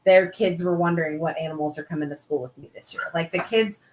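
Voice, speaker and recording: A woman who teaches elementary school, chatting casually, talkative and quick to laugh. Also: lowish voice, slight background noise. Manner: lively, laughs easily, talkative. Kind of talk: casual chat. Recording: roomy echo.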